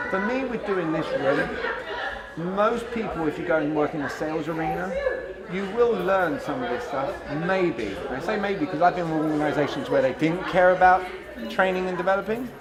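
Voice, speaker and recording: A man giving a blunt, animated sales-training talk to a live audience, acting out both sides of conversations. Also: a little high.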